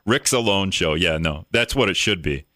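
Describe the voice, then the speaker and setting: A man's voice: low voice, lively intonation, normal speed, pushed and bright, no room sound. A man hosting a casual talk radio show from a studio, rambling and joking at his own expense. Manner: rambling, joking, self-mocking. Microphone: studio microphone.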